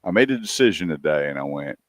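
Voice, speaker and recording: A man with a very deep voice, hosting a radio talk show in a dry, close studio sound. He spins a casual story and acts out what each person said. The voice carries a host's easy, conversational ease. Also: fast, dry recording. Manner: animated storyteller acting out quoted dialogue.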